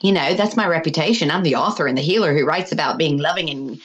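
Guesting on a casual podcast, a middle-aged healer and author talks fast in a low-pitched, slightly rough voice, laughing frequently and performing her own quotes. The recording sounds muffled.

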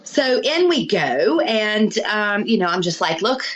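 A woman telling stories as a healer guest in a casual interview, animated and chatty with lots of fillers. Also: medium pitch, measured pace, husky, low-quality recording. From lives abroad, not local.

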